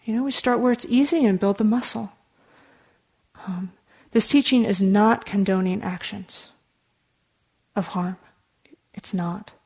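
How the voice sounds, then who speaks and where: A woman meditation teacher giving a dharma talk in an earnest, conversational way, with frequent fillers and soft asides. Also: medium pitch, unhurried, long pauses, breathy edge.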